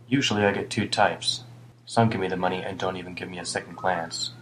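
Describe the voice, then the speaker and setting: A man's voice: sits low, fairly even intonation, fairly quick, background noise, natural voice. A man voicing a weary, older homeless British man who rambles ruefully and reproaches himself. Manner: rambling, rueful, muttering at times.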